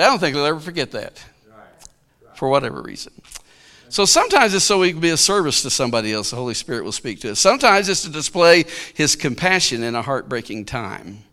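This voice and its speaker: Preacher, male, folksy and chuckly, bright forceful tone, sermon storytelling. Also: fairly high pitch, sing-song, fairly quick. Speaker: pastor.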